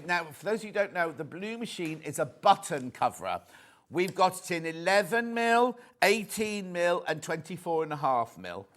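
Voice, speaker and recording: Chatty guy on a shopping channel, reads out viewer messages, a bit high for a man. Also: fairly bright tone. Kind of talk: live sales presenting.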